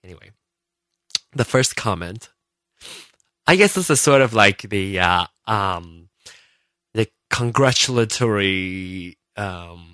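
A man's voice: fairly low pitch, expressive, slow, pauses often, sharp tone, no room sound. A man hosting a solo podcast, rambling casually and mocking himself as he reads out listener comments. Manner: rambling and self-mocking, many fillers and restarts. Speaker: podcast host.

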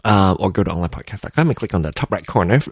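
A man's voice: low voice, animated, rapid-fire, gravelly, slightly rough, no echo, clean studio sound. Giggly rambling male podcaster. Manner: rambling and giggly, lots of fillers. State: just woke up, clammy. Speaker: podcast host. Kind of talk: solo podcast chat. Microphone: desk mic at computer.

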